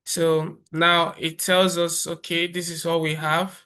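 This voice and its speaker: Over a screen recording, a man walks through a software tutorial step by step, relaxed and full of fillers and restarts. His voice is a little high, slow and clean.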